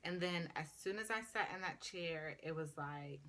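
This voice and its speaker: A woman's voice: deep voice, moderate pace, background noise. A woman in her thirties, a paramedic student, telling a story in a casual, chatty vlog. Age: 30s. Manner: chatty, animated retelling full of "like".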